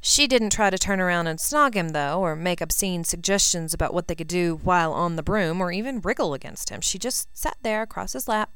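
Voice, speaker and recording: A woman reading a fan fiction story aloud, narrating in an even, unhurried way. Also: lowish voice, clear, resonant tone, dry recording. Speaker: reader.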